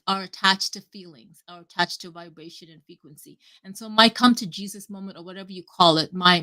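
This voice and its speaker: A woman talking casually and at length on a live audio chat, rambling and animated, cutting herself off and swearing freely. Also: medium pitch. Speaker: guest speaker.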